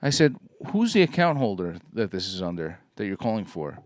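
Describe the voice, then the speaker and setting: A man's voice: on the low side, very animated, brisk, dry recording, studio quality. A man co-hosting a podcast in casual chat, agreeable and inclined to repeat himself. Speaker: podcast co-host.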